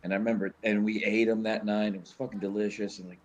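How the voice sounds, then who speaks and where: A man's voice: fairly low pitch, little pitch movement, fast talker, slight background noise. A man telling laid-back, profane stories in a casual chat. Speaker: podcast co-host. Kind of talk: casual storytelling. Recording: dull lo-fi sound.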